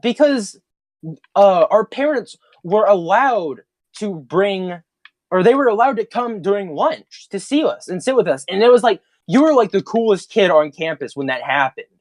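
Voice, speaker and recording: A young man co-hosting a podcast, swapping childhood stories with a friend. His pitch swings widely as he talks, and he sounds animated and profane, laughing as he goes. The sound is dry and close. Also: normal speed, dry recording. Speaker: podcast co-host. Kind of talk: casual storytelling chat.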